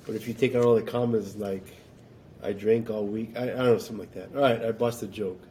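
A man's voice: on the low side, fast, slight background noise. Casual joking male podcast co-host. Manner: animated, jokey, shouts mock all-caps readings. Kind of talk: casual chat.

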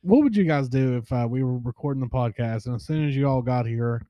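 A man's voice: mid-range voice, quick pace, dark tone, no echo. A man hosting a podcast in his home, teasing his friends with crude jokes. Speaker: podcast host. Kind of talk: casual chat.

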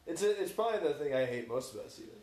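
A man's voice: fairly high pitch, very animated, racing, darkish tone. A young man from Long Island, teasing and laughing often in casual chat. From Long Island, New York. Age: young adult. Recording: echoey room with faint noise.

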